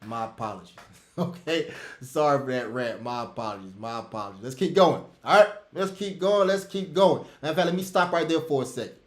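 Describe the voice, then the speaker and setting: A man with a fairly high voice teaches an online trading class on a live webinar, talking briskly through a computer mic on a video call with a roomy sound. Emphatic and repetitive, he calls out to everybody, ranting loudly before dropping to soft asides.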